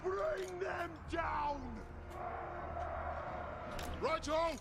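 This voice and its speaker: Stout, grudge-bearing dwarf warriors barking war cries in a strategy game. The voices sit very high and drag slowly over a loud roar of battle noise. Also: male voice, fairly even intonation, vocal fry, exaggerated voice. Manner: barked battle cries and unit acknowledgements. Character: gruff vengeful dwarf warriors, male, stout.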